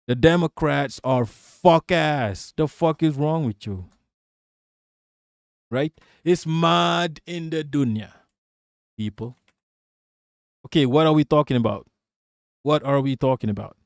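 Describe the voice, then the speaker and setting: A man's voice: medium pitch, a little mellow, dry recording, studio quality. A man hosting a casual livestream, talking in a profane, rambling way and laughing often. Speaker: streamer host.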